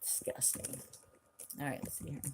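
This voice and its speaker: Woman, lowish voice, angry stream rant, blunt, heavy cursing. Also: fairly quick, slight background noise. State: angry, agitated. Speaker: channel host.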